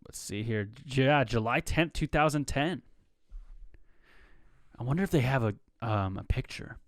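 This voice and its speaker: A man's voice: mid-range voice, measured pace, long pauses, no echo, clean studio sound. A young man hosting a solo comedy podcast, rambling through joking tangents in a laid-back, slangy way. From Pacific Northwest, USA.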